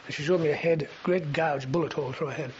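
An older man reminisces in a rambling, unhurried way, often pausing on fillers and restarting his sentences. His voice sits a little high for a man. The recording is dull and lo-fi, with a faint hiss. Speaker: veteran interviewee. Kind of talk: oral history recollection.

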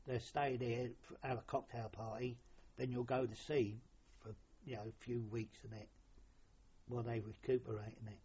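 A man's voice: medium pitch, level tone, moderate pace, mellow, a little hiss or hum. An older man, reminiscing casually about his years as a sailor, in a rambling, colloquial way with mild swearing. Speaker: interviewee, former royal yacht sailor. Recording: lo-fi dull recording.

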